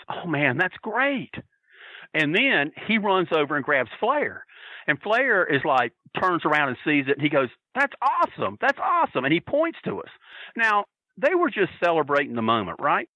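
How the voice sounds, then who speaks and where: A man, a podcast guest, telling a story in an excitable, profane way and acting out what people said. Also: a little high, dry recording, rough recording. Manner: profane, excitable, acts out quotes. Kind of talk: animated storytelling.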